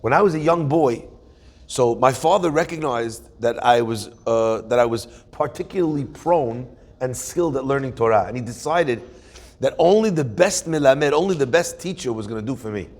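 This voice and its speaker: A man, a rabbi giving a weekly Torah class, telling stories in an animated way and acting out quoted voices. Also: mid-range voice, normal speed.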